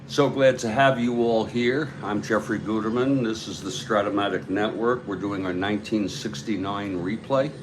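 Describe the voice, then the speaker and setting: A man hosting a tabletop baseball replay, giving calm, measured play-by-play with chatty asides to viewers. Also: lowish voice, background noise. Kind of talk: play-by-play commentary of a board game replay.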